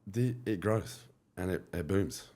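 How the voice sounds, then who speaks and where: A man's voice: sits low, measured pace, darkish tone. A man from the United Kingdom, a guest entrepreneur on a podcast, talking in an emphatic, motivational way and repeating phrases for effect. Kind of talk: podcast interview.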